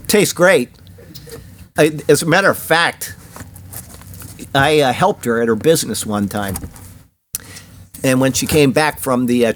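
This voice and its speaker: A man with a medium-pitched voice hosts a weekly prophecy news report, with slight background noise. He's chatty and opinionated, wandering into rambling personal asides.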